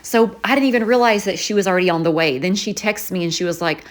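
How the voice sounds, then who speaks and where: A woman's voice: mid-range voice, fast talker. A woman vlogger telling a rambling story in a casual chat, full of fillers and asides. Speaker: journaling vlogger.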